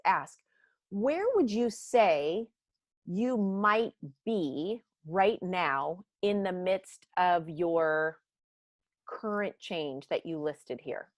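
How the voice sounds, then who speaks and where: Lively woman leading a workshop. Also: medium pitch, no echo, clean studio sound. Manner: animated, acts out quoted voices. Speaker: workshop leader. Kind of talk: leadership workshop talk.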